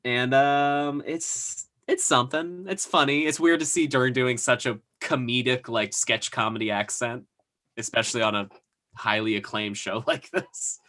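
A man's voice: medium pitch, measured pace, pushed and bright. A man co-hosting a podcast, casually recapping a TV episode with lots of fillers and asides. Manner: rambling, filler-heavy retelling. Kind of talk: casual chat.

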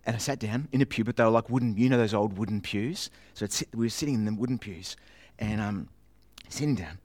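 A man with a fairly low voice gives a storytelling sermon. He talks in a chatty, self-mocking way, restarts often, and throws in playful sound effects as he tells the tale. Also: fast, a little mellow. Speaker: preacher.

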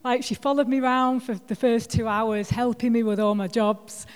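A woman's voice: a little high, fairly even intonation, moderate pace, smooth. Woman guest preacher, casual self-deprecating storyteller; long hall reverb. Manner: chatty, self-deprecating storyteller with filler words. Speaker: guest speaker. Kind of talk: sermon with personal stories. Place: church hall.

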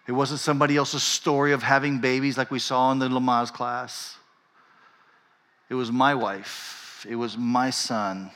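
A middle-aged male pastor preaching a sermon, telling a funny personal story with lively energy, then slowing into a quiet, reflective reading. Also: medium pitch. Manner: animated storytelling, laughing at himself, then slow and hushed. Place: church sanctuary. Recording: long church reverb.

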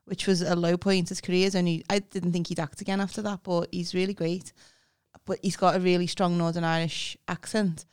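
A woman's voice: on the low side, little pitch movement, brisk, darkish tone, smooth, no echo, clean studio sound. A middle-aged woman with a Liverpool accent chatting casually on a podcast, blunt and abrupt-sounding, swearing freely. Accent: Liverpool (Scouse). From Liverpool, England. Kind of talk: casual chat. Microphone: close podcast mic.

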